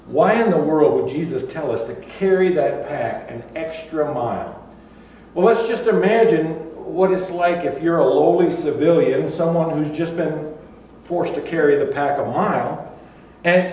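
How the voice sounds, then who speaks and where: Brief: older male pastor, chatty storyteller, slightly high voice, distant mic. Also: expressive, unhurried, darkish tone, slight background noise. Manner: conversational storytelling, with asides and fillers. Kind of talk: sermon. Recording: echoey room, far from mic.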